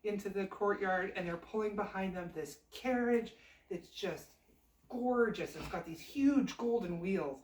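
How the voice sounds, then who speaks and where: A woman's voice: medium pitch, measured pace, reverberant, distant mic. Chatty woman telling a fairy tale. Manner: chatty, animated, conversational asides. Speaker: storyteller. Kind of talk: casual oral storytelling.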